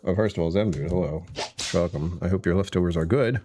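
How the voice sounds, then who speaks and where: A man's voice: deep voice, fairly quick, warm tone, soft background music. A man hosting his own live stream in casual, rambling chat, chuckling often and greeting viewers by name from his home computer.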